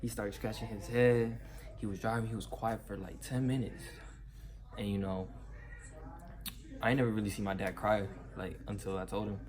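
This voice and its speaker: A man's voice: lowish voice, steady tone, normal speed, pauses often, crowd noise. Laid-back teen guy. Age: teens. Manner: laid-back, slangy, quotes his parents. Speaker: vlogger telling his story. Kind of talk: casual storytelling.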